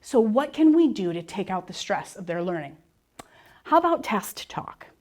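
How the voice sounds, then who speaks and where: A woman leading a workshop for teachers, explaining reading rules step by step with quick questions and answers. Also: mid-range voice, big pitch swings, a little mellow. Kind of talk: presentation to teachers and parents.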